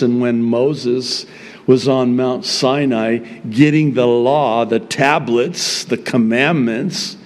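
Slow, emphatic male pastor in a reverberant hall. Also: medium pitch, darkish tone. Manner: slow, emphatic preaching with prayerful opening. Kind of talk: sermon.

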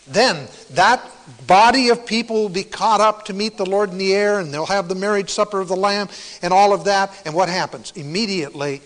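A man preaching a sermon to a congregation, emphatic, with sudden quiet, near-whispered asides for stress. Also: sits high, long reverb tail, rough recording.

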